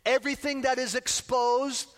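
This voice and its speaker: A man with a very high voice delivers an emphatic sermon from the pulpit, repeating phrases for force. His voice rings through a church sanctuary with a long, echoing reverb. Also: flat delivery, normal speed, a bit bright. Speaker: pastor. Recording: long reverb of a large hall.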